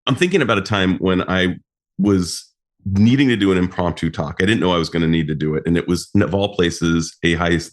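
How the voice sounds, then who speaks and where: A man with a very low voice hosts a conversational podcast. He reacts eagerly to his guest and tells his own stories, acting out the lines he quotes. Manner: enthusiastic, tells anecdotes with acted quotes. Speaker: podcast host, psychologist.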